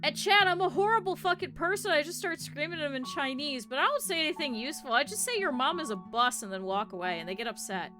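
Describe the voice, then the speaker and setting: Streamer, woman, high and bright, animated and laughing, swears casually, desk mic with faint game music under her. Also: quick pace, hardly any pauses. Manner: animated, laughs often while telling stories. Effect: cartoon avatar streamer, talking over game music. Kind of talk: casual storytelling to chat.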